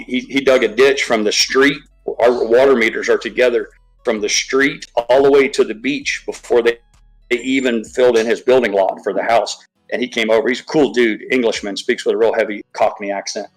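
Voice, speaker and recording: A man's voice: medium pitch, steady tone, fairly quick, faint music behind, rough recording. A man chatting casually on a live stream, rambling, swearing freely and restarting his sentences often. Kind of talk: casual chat.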